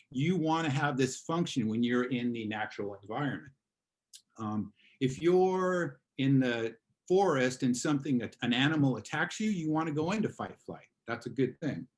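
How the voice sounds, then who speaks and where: Casual male teacher lecturing over a video call, animated examples. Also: on the high side. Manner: casual, acts out examples in voices. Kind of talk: online class lecture.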